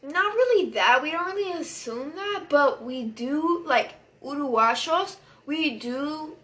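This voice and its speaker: A woman's voice: sits high, expressive, takes it slowly, fairly bright tone. A teenage girl chatting with a friend, blunt and teasing as she tells a story. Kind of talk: casual chat.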